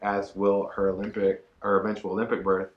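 A woman's voice: a bass voice, flat delivery, fairly quick, dull audio. A woman with a Southern US accent co-hosting a casual chat show, rambling and restarting her sentences with a joking streak. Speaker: co-host. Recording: echoey room.

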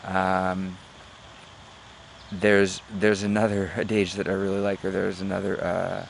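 A man with a lowish voice gives a motivational talk, halting often with fillers as he searches for words. He leans on jokes and stories to make his points, with a faint hum of background noise. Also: completely flat delivery, creaky. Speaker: motivational speaker.

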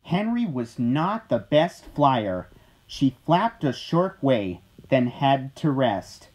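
A storyteller reading a children's picture book aloud in a gentle, expressive way. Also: mid-range voice, takes it slowly, breathy edge, poor audio.

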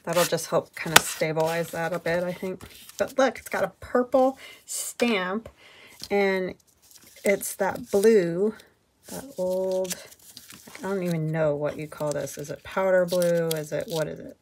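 A woman with a slightly low voice talks casually through her crafting at an indoor table, thinking aloud and wandering from one thought to the next. Paper crinkles and clicks come through clearly behind her words. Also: measured pace, a little hiss or hum, poor audio. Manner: thinks aloud, chatty and meandering. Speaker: craft vlogger. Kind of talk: casual running commentary while crafting.

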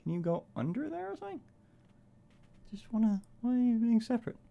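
Lively laughing young streamer guy. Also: very high voice, a little fast, vocal fry, muffled recording. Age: 20s. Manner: laughs often, swears, self-conscious rambling. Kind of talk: casual live stream chat.

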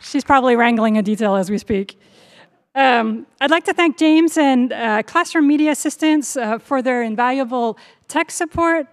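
A woman's voice: high voice, animated. A middle-aged woman hosting a university lecture series, giving thanks and remarks with many fillers and self-corrections. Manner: warm, halting, with frequent fillers and self-corrections. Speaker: honors program host.

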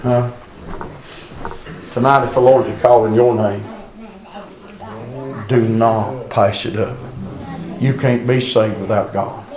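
A man's voice: fairly low pitch, steady tone, slow, long pauses, recorded from a distance, crowd noise. Impassioned preacher man in an echoey church. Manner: impassioned, swings from hushed to near-shouting. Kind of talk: revival sermon. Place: church sanctuary.

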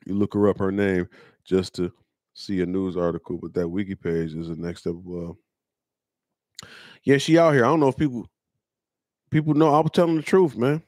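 A man with a fairly low voice, hosting his own show and telling a personal story in a relaxed, slangy, earnest manner. The sound is dry and close. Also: moderate pace, pauses often, dry recording. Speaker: host. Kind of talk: casual storytelling monologue.

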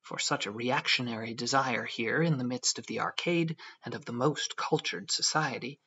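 A man narrating an audiobook in a measured storytelling manner. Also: medium pitch, bright, forceful tone, husky. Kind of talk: scripted narration. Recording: dull lo-fi audio.

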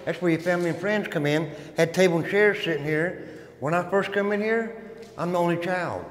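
High-pitched and brisk, a man who did time walks visitors through an old prison, telling dramatic, folksy stories and referring to them as "guys." His voice rings with the long echo of a stone hall.

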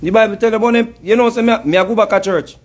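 A Jamaican man rants in a heated, mocking commentary with a very high-pitched voice. He breaks into laughter often and talks in casual patois. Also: rapid-fire. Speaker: commentary host.

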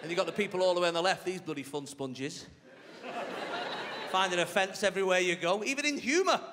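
A man's voice: high voice, brisk. A man doing a stand-up comedy set on a theatre stage, chatty and cheeky as he tells stories to the crowd. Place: large theatre stage with a laughing audience. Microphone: stage microphone. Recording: live hall reverb with crowd noise.

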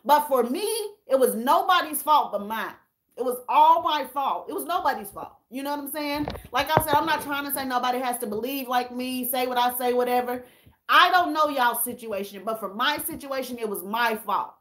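A tearful woman with a high, bright voice speaks candidly to her livestream viewers in a casual, heartfelt chat. She keeps calling them y'all as she reads their comments. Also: moderate pace, a little hiss or hum.

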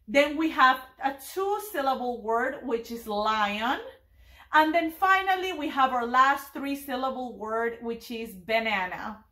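A young woman teaching a preschool lesson to families, cheerful and encouraging, sounding out words slowly and clearly. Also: high voice, fairly bright tone, roomy sound. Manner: slow, clear demonstration of words. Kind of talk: virtual family event lesson.

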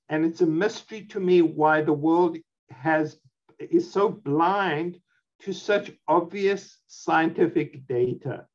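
Emphatic doctor, dull lo-fi sound. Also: male voice, on the high side, gravelly. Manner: emphatic, dismissive of opposing views. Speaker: physician guest. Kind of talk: expert interview answers.

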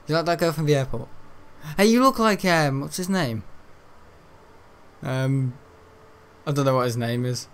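A man's voice: medium pitch, slight background noise. A young man, rambling and joking casually while playing a video game. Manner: rambling, chatty and jokey, laughs at own jokes. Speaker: gaming channel host. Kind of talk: casual let's-play commentary.

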